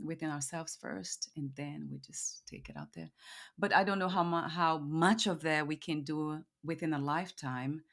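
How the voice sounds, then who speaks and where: A woman with a notably low voice hosts a reflective conversation. She speaks softly and thoughtfully, trailing off and starting her sentences again while she thinks. The talk is unhurried and earnest. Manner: soft-spoken, musing, trails off and restarts while thinking aloud. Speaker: podcast host.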